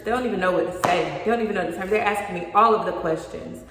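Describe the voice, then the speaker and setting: A woman's voice: lowish voice, fast talker, background noise. A woman in her thirties, a loan officer, giving frank and emphatic advice straight to camera, repeating points for stress. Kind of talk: direct-to-camera advice vlog. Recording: very echoey room with long reverb.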